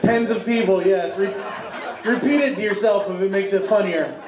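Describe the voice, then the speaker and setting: Male stand-up comic, high voice, drawling storyteller, on stage in an echoey club, miked from a distance. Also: moderate pace, a crowd in the background. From Tennessee. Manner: drawling storyteller with frequent fillers. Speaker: stand-up comedian. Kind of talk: stand-up comedy set.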